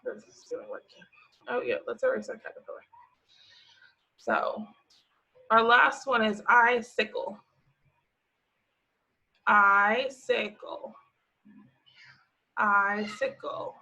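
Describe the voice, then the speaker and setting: A woman teaching a remote phonics lesson to young children, stretching out each word slowly as she sounds it. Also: a little high, steady tone, gravelly, sharp tone. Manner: slow, drawn-out sounding of words. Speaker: preschool teacher. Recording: slightly dull lo-fi audio.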